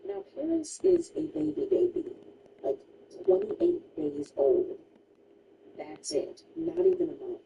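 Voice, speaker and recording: A woman's voice: sits high, huge pitch swings, takes it slowly, vocal fry, dark tone, far from the mic, highs cut off, slight background noise. A woman streamer casually retelling a true crime story while gaming, emphatic and chatty, full of "like" asides.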